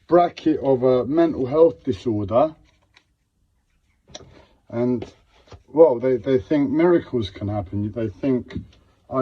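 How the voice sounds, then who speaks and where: A man with a husky, slightly rough voice talks unscripted on a live stream. He sounds pained and distressed, repeating himself and swearing heavily. The audio is dull and lo-fi. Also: mid-range voice, warm tone. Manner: raw, repetitive, swearing heavily. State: in physical pain and distressed.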